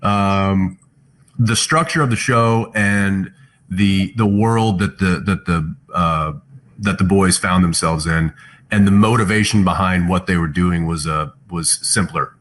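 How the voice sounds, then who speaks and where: A man's voice: low voice, a little slow, a bit bright. A man chatting thoughtfully on a virtual fan panel, reading out fan questions from home over a video call. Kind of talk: casual panel chat.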